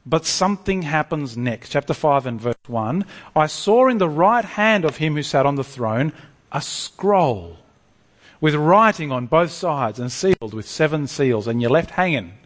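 A man preaching a sermon to a congregation, lively and animated, often stumbling over restarts. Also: on the high side, measured pace, long reverb tail.

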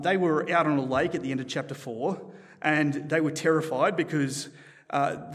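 A man preaching a sermon in a church in a conversational, animated way, often restarting his sentences. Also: mid-range voice, in a large hall. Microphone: microphone.

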